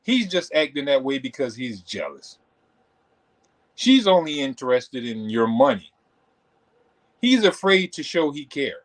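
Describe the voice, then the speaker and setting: A man hosting a livestream, talking in an animated, conversational way with many asides. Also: medium pitch, a little slow, long pauses. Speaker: host. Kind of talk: motivational talk on a livestream.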